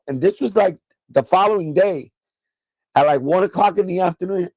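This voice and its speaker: A man's voice: high-pitched, normal speed, darkish tone, no room sound. A man from New York hosting a casual livestream from a chair at home, telling a story in a loose, profane way and laughing as he goes. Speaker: sneaker livestream host.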